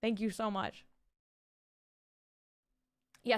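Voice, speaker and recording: A woman's voice: a little high, brisk, long pauses, clean tone. A young adult woman, streaming and chatting casually, bubbly and rambling as she thanks her chat.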